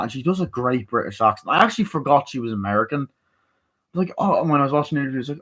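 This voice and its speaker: A man's voice: medium pitch, animated, fast, a bit bright, rough recording. A man giving a casual spoken film review. He rambles, swears freely and drifts onto tangents. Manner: rambling, profane, tangent-prone, filler-heavy. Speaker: movie reviewer.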